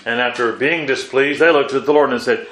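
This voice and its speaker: A man's voice: mid-range voice, brisk, a bit bright, echoey room, poor audio. A man preaching a Bible sermon, asking his listeners rhetorical questions and exclaiming "wow" between points.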